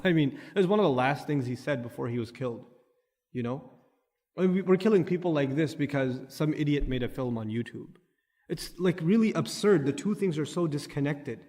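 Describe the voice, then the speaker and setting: A man with a somewhat high voice delivers a scripture lecture, explaining Arabic words and pressing his points with growing passion. His voice carries a long reverb, as if he is speaking in a large hall. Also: brisk, darkish tone. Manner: explains Arabic terms, grows impassioned. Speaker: Quran teacher. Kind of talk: tafsir lecture.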